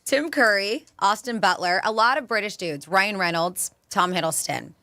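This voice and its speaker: A woman's voice: medium pitch, moderate pace, sharp tone, no room sound. A woman co-hosting a radio show in casual chat, reading a survey list and laughing now and then. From Florida. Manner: chatty, laughs, reads off a list. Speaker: radio co-host.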